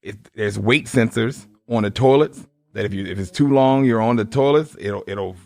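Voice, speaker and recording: A man's voice: lowish voice, moderate pace, creaky, a little mellow, no room sound. A man co-hosting a casual podcast who rambles, repeats himself and laughs a lot. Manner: rambling, stammering, laughs often. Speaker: podcast co-host.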